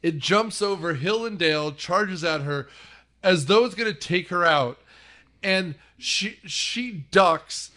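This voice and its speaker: A man co-hosting a casual movie podcast, retelling scenes with lively acted-out voices. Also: high-pitched, slow pace. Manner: animated, acts out voices while retelling scenes. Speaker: podcast co-host.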